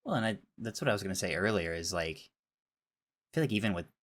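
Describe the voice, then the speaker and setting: A man's voice: low voice, animated, a little fast, a bit bright. A man in his thirties, a podcast co-host chatting candidly, with self-deprecating humor. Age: 30s. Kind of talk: casual chat.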